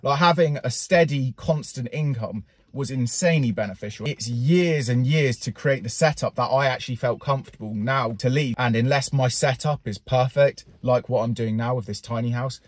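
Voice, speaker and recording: A man with a middle-pitched voice tells stories to camera, bluntly and with emphasis. The sound is dry and close, with no echo around him. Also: darkish tone. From England. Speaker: vlogger and entrepreneur. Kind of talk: casual talk to camera.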